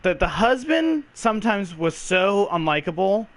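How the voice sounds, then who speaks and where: Male podcast co-host, higher voice, loose rambling review chat, quotes the characters. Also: very animated, measured pace. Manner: rambling, acts out quotes, swears. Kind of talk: casual movie review chat.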